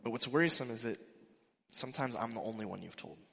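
A man's voice: medium pitch, expressive, quick pace, vocal fry, a bit bright. A man preaching a sermon in a conversational, emphatic way, acting out the quotes he gives. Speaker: pastor. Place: church sanctuary. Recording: echoey hall with long reverb.

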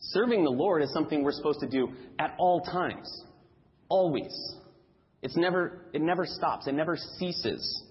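A man's voice: fairly high pitch, lively intonation, moderate pace, in a large hall, lo-fi sound. A man preaching a sermon in a church, emphatic and repeating key phrases for stress.

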